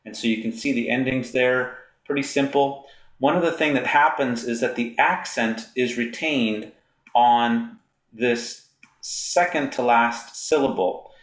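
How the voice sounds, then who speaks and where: A man teaching Greek grammar in a recorded lecture, slowly reciting word endings one by one. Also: mid-range voice, reverberant. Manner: slow, deliberate recitation of endings.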